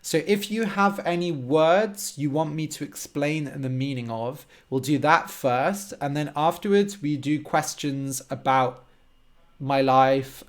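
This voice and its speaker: A man teaching English on a live stream, explaining words patiently and checking in with frequent "okay?". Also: mid-range voice. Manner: slow, simple, encouraging explanations with frequent "okay?". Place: home room.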